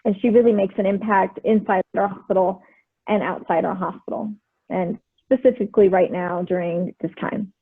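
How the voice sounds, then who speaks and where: A woman on a panel, speaking warmly in praise of a colleague. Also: medium pitch, fairly even intonation, moderate pace, husky, dry recording. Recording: tinny, dry phone-like line.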